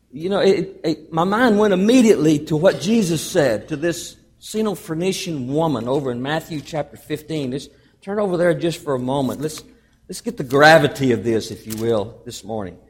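A male pastor preaching a sermon, with emphatic delivery that swings between loud stresses and hushed, drawn-out phrases. He often addresses the congregation as beloved. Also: a little high, slightly rough, big-room sound.

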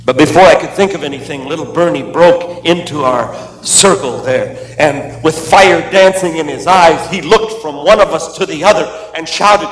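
A man with a fairly high voice tells a dramatic story to a live audience, dropping to a hush and then pressing hard on key lines. He was recorded in a big hall, and the long echo rolls off every phrase. The sound comes from a video clip being played back. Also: moderate pace. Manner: dramatic storyteller, swings between hushed and emphatic. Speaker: comedian and Christian speaker.

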